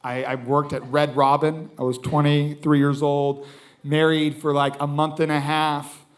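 A man preaching as a guest speaker, telling a story in an animated way and acting out what everyone said. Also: fairly high pitch, a little slow. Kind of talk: sermon storytelling.

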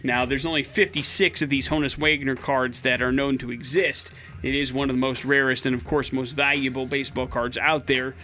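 A man co-hosting a morning radio show, chatting casually and excitably with plenty of fillers. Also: medium pitch, a little fast, few pauses, soft background music.

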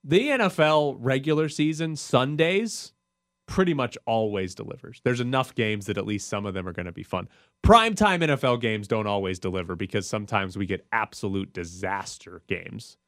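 A man hosting a casual sports talk show, animated and quick to laugh. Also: lowish voice.

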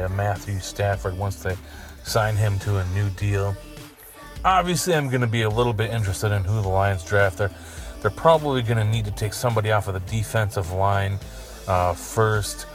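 Low-voiced man ranting jokily. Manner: crude, jokey, swears freely. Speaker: podcast host. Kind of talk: rambling comedic monologue.

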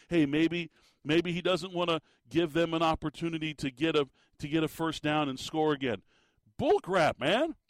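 Man, sports commentator, fairly high voice, dry close sound, exasperated rant full of emphatic rhetorical questions. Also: fairly bright tone, dry recording.

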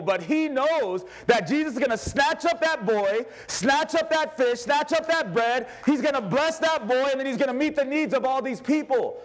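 A man preaching a sermon as pastor, animated, acting out the voices of the people in his stories. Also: extremely high pitch, normal speed, few pauses. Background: congregation responding.

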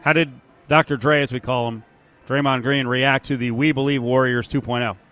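A man's voice: mid-range voice, fairly even intonation, moderate pace, fairly bright tone, clear, resonant tone, soft background music. A man hosting a sports betting radio show, casual and dryly sarcastic.

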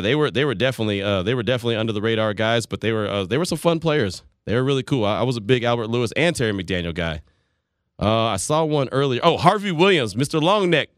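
A man's voice: medium pitch, no echo. Guy hosting sports radio, rambling easy chat, dry close mic. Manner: loose, rambling, chatty delivery. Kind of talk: casual sports talk radio. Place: radio studio. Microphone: studio microphone.

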